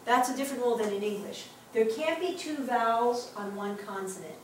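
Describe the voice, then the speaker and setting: A woman teaching a Hebrew class to adults, patiently explaining and reading words aloud slowly. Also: a little high, a little hiss or hum. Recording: very echoey classroom taped from far off.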